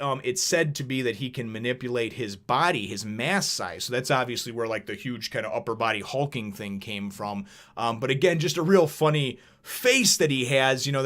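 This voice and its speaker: A man's voice: medium pitch, fairly bright tone. A man casually reviewing a manga chapter in a vlog, rambling and chatty, with plenty of swearing.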